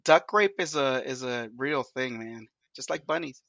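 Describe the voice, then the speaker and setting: A man's voice: mid-range voice, a little slow, creaky, pushed and bright, dry recording. A young man in crude, laughing podcast banter, sounding congested. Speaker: podcast co-host. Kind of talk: casual podcast chat.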